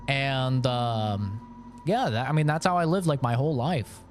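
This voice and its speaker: A man's voice: medium pitch, lively intonation, unhurried, slight background noise. Frank, rambling young male streamer. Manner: rambling, frank, swears freely, laughs often. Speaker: gaming streamer. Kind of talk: casual live-stream chat.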